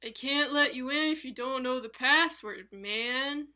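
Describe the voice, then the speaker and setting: A woman's voice: high-pitched, unhurried, pushed and bright. A woman voicing a laid-back male door guard in a tabletop role-play. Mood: mellow. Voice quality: laid-back, bro-ish.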